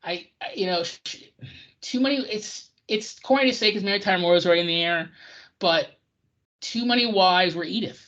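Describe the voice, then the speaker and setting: A podcast co-host in casual chat about old television, ranting in an excitable way. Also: mid-range voice, normal speed. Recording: dull lo-fi recording.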